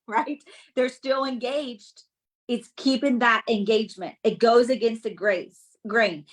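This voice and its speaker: Energetic woman coaching live on her phone. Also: on the high side. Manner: energetic, keeps checking in with the audience. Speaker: business coach. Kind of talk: live-streamed coaching talk to followers.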